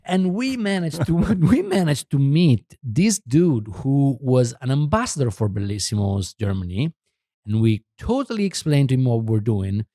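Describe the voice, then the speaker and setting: A man's voice: medium pitch, very animated, normal speed, dark tone, no room sound, clean studio sound. A man with an Italian accent telling a rambling story in a casual podcast chat, laughing and restarting often. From Italy. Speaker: podcast guest, photographer.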